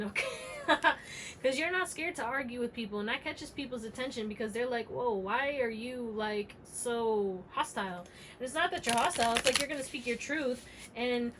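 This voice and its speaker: Woman doing a tarot reading, kinda high voice, blunt n sweary, lil hiss in the background. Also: fairly bright tone, low-quality recording. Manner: blunt and emphatic, swears freely. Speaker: tarot reader.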